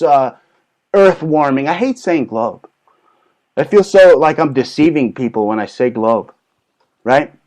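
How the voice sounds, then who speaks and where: A man's voice: on the high side, a little mellow. A male show host delivering a combative, profane satirical rant, peppering it with tag questions. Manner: profane, combative rant with constant "okay?" tags. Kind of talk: satirical ranting chat.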